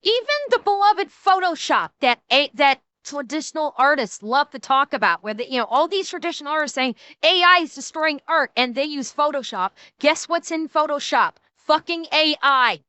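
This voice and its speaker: A woman's voice: high voice, lively intonation, normal speed, hardly any pauses, bright, forceful tone, no room sound. A woman streamer giving a blunt, lecturing commentary and swearing casually as she talks.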